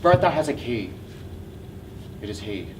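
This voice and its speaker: An actor playing a brooding, bitter man haunted by his family, speaking intensely and often in a hush. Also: mid-range voice, very animated, unhurried. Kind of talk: stage play acting. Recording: distant mic with noisy hiss.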